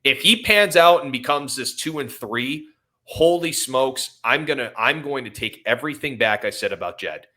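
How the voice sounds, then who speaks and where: A man's voice: mid-range voice, expressive, normal speed, sharp tone. A man co-hosting a sports podcast, ranting with emotion and apologizing for it. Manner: impassioned, rambling, apologetic. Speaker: podcast co-host. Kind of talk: emotional casual sports talk.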